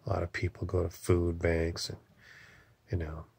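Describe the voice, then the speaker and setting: A man's voice: low voice, completely flat delivery, moderate pace, creaky, a little mellow, breathy edge. A man in an angry, rambling political rant, swearing often and leaning on "you know". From Canada.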